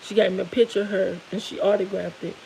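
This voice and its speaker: A woman's voice: medium pitch, steady tone, quick pace, creaky, dark tone, slight background noise, low-quality recording. A middle-aged woman candidly telling viewers an emotional personal story, tearful at moments. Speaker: vlogger.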